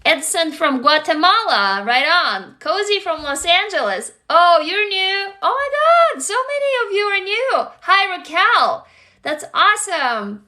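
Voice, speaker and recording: A woman's voice: very high-pitched, very animated, a little slow, bright, forceful tone. A woman, hosting a casual livestream, talking frankly and affectionately to viewers and greeting commenters, with occasional swearing. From Russia. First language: Russian. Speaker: livestream host.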